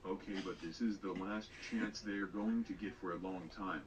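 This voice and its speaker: A male text-to-speech voice playing cartoon characters in a homemade animated series, speaking without any emotion. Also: low voice, moderate pace, highs cut off. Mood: deadpan. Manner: emotionless, monotone delivery. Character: flat computer-voiced cartoon schoolboys and teachers. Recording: distant playback with clear background noise.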